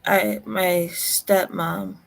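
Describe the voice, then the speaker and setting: Woman on the edge of tears, slow and halting, real flat delivery. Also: medium pitch, creaky. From Colorado. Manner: slow, halting, emotional recollection. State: close to tears. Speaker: storyteller. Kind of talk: personal storytelling.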